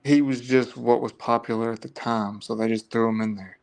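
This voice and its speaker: A man's voice: mid-range voice, fairly even intonation, brisk, vocal fry, darkish tone, smooth. A man co-hosting a casual movie chat, mostly giving short agreeing replies.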